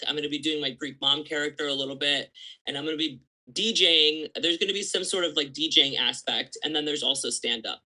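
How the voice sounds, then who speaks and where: Brief: comedian guest, man, very bright voice, a bit high, animated and chatty. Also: rough recording. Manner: animated, heavy use of "like", acts out quoted voices. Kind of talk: casual interview chat.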